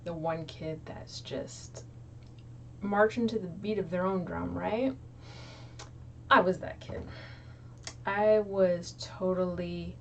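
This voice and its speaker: A young YouTube creator with a fairly low voice chats casually to camera, her talk full of ums and likes. She's recorded in a small room on a low, distant mic, with a little hiss or hum.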